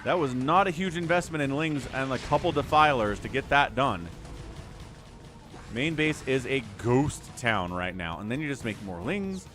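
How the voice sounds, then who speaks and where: A man hosting a live stream and giving chatty, excitable commentary on an esports match, thinking aloud as the play unfolds. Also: medium pitch, moderate pace, faint music behind. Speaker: game commentator and stream host.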